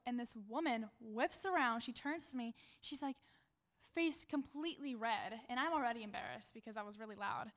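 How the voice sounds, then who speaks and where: A woman's voice: a little high, moderate pace. A young woman co-hosting a student podcast, telling a work story in a chatty way and often saying "like". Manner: chatty, says "like" often, acts out quotes. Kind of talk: casual storytelling.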